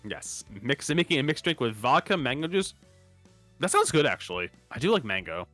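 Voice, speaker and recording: A man's voice: medium pitch, moderate pace, dry recording, soft background music. A man co-hosting a live stream in casual chat, rambling and laughing often. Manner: rambling, animated, laughs often, restarts words. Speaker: streamer co-host.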